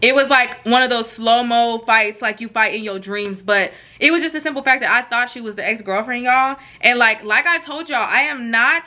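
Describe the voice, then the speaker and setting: Bright-voiced woman telling a storytime. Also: on the high side, normal speed, hardly any pauses. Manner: animated, slangy, acts out the quotes. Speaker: storytime vlogger. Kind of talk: casual storytime addressed to viewers.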